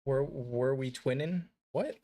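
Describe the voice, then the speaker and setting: A man's voice: mid-range voice, slow pace, dark tone. Give me a young guy live-streaming a game, loose and jokey. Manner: joking, rambling, swears casually. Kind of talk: casual live-stream chat.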